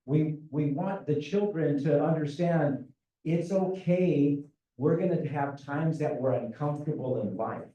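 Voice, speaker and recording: A man's voice: on the high side, measured pace, mellow, dull audio. A man presenting to parents at a school meeting, earnest and repetitive, often asking rhetorical questions. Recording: echoey room, speaker far from mic.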